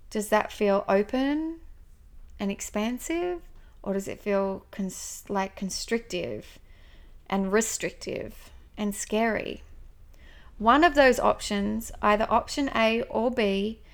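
A woman coaching listeners on trusting their intuition, in an encouraging, conversational way with casual fillers and restarts. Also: medium pitch. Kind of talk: casual spoken guidance.

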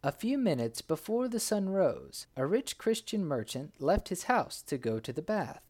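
With a high-pitched voice and a normal speaking speed, a man reads a folk tale as its narrator. He's animated, voicing the characters' cries as he goes.

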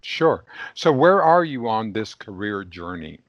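Man, interview host, low voice, halting speech, dry lo-fi recording. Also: sing-song, no room sound. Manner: halting, repeats words. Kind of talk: casual interview. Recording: dry, dull lo-fi sound.

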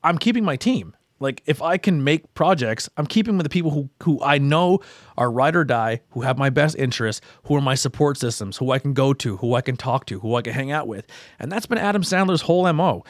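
A man's voice: mid-range voice, lively intonation, a little fast, no echo, clean studio sound. A man hosting a casual podcast chat, rambling loosely and restarting his sentences. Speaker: podcast host.

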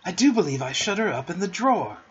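A man voicing an eager, boastful young boy who never wants to grow up, with lively boyish talk, in a dull lo-fi recording. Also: sits high, normal speed, breathy edge, voice pushed up, heavily acted.

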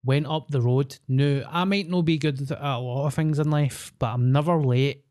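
A man's voice: medium pitch, fairly even intonation, moderate pace, a little mellow. Casting: Scottish man, podcast co-host, jokey and self-deprecating storyteller. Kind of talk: casual chat.

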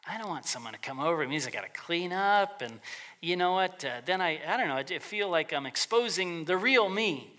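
Lively, bright-voiced male pastor. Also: high-pitched, a little fast. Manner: conversational, acts out quoted voices. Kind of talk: sermon.

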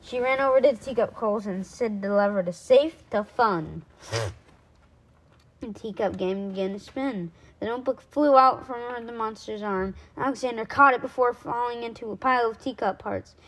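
Lady reading a kids book out loud, kinda high voice, trips on words sometimes. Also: normal speed, low-quality recording. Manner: lively, with small slips and corrections. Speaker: storyteller. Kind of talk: storybook read-aloud.

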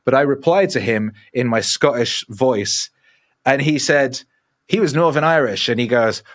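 A man in his forties with a medium-pitched voice speaks at a moderate pace. He's a musician guest in a casual interview, telling rambling, profane stories as an animated storyteller.

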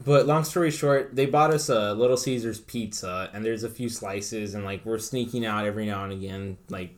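A man's voice: fairly low pitch, steady tone, moderate pace. A man in his thirties telling a story in a casual chat, swearing freely and laughing as he goes. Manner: profane, laughing through the story.

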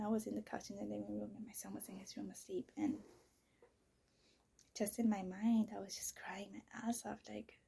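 Soft-spoken woman with a gravelly husky voice. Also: mid-range voice. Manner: soft-spoken, often near a whisper, blunt and profane. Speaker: podcaster telling her own story. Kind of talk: candid personal monologue.

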